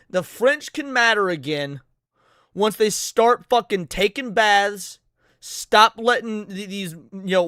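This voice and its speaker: A man's voice: high voice, fairly bright tone, dry recording, clean studio sound. A man streaming a reaction, ranting with heavy swearing and stammered repeats. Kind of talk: profane reaction commentary.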